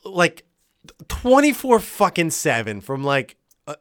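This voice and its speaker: Casting: young male podcast co-host, bright voice, rambling and profane, dry close sound. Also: a little high, huge pitch swings, slow pace, dry recording. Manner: rambling, profane, laughs a lot. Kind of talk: casual chat. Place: home bedroom.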